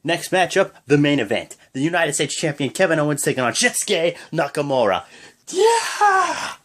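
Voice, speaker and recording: A man runs through a wrestling show play by play in a casual, rambling recap, briskly and with lively intonation and a fairly bright tone. He strings events together using "and then" and "pretty much" and jumps into higher bursts on big moves.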